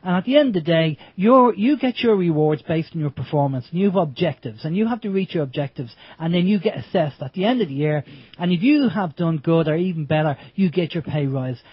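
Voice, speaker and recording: A man's voice: a little high, expressive, fairly quick, slightly rough, no echo, muffled recording. A man hosting an internet radio talk show, talking in a rambling, emphatic way with many restarts. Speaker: radio host. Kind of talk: casual radio chat.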